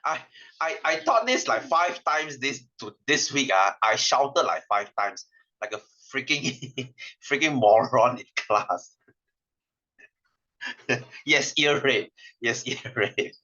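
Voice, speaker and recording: A man's voice: medium pitch, animated, slow pace, pushed and bright. A young man with a Malaysian English accent teaching an online science class, playful and teasing, laughing often. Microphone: webcam microphone. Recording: dull lo-fi webcam audio.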